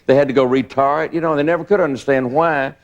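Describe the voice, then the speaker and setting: A man's voice: a little high, fairly even intonation, fast talker, dull audio, a little hiss or hum. An older man, a former bodyguard, reflecting on the past and chiming in on shared stories. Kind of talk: candid reminiscing interview.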